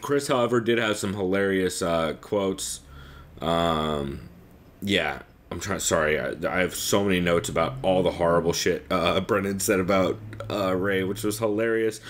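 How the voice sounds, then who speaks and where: A man's voice: low voice, moderate pace. A young man hosting a podcast, recapping another show in a rambling, profane, exasperated way. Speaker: podcast host.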